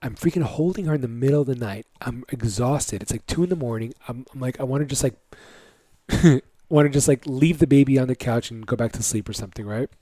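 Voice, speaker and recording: A man's voice: medium pitch, quick pace, hardly any pauses, warm tone, dry recording. A man in his thirties talking candidly and casually, giving motivational advice to other fathers with many fillers. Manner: candid and conversational, lots of fillers.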